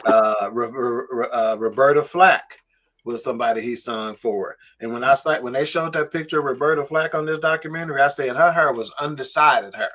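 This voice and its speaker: Lively storytelling podcast man. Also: mid-range voice, fairly quick. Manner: animated storyteller, acts out quotes. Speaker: podcast co-host. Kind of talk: casual chat.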